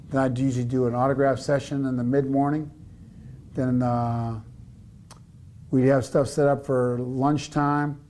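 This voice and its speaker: Mellow-voiced man recounting a routine. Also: mid-range voice. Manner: measured, listing routine step by step. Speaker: interview guest. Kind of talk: casual interview recollection.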